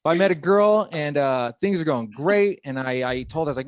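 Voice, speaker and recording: A man's voice: mid-range voice, lively intonation, fairly quick, dry recording, dull audio. Rambling self-mocking male comedian. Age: 30s. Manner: rambling, self-deprecating, lots of fillers. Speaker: stand-up comedian. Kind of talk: stand-up comedy set. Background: audience laughing.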